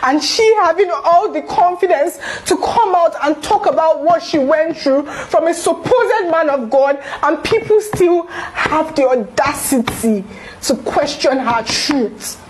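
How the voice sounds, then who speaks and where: A woman's voice: sits high, expressive, a little slow, a little hiss or hum, rough recording. A young Nigerian woman vlogger giving an indignant, emphatic opinion piece full of rhetorical questions. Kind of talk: opinion vlog commentary.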